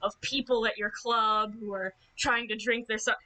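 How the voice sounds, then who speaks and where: A woman narrating a tabletop game as its game master, her voice a touch high. She tells the scene in a quick, amused way, dropping in casual swears. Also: steady tone, bright, forceful tone, rough recording.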